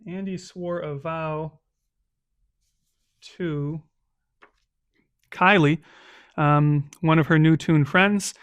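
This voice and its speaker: A man with a fairly high, fairly bright and clean voice, recorded dry, narrates a solo tabletop game recap as game master. He keeps it loose and conversational, checking in with "right?"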